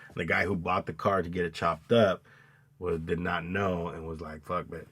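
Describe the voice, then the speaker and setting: A man co-hosting a casual movie review chat, retelling scenes with loud acted-out outbursts and plenty of swearing. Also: deep voice, little pitch movement, moderate pace, a little hiss or hum. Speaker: podcast co-host.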